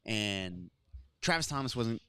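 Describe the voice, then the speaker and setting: A man with a low voice recounts a story at an easy, laughing pace. He is a commentator chatting after a show. The sound is dry and close. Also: lively intonation, takes it slowly, bright, forceful tone, clean tone, no echo. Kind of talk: casual post-show chat.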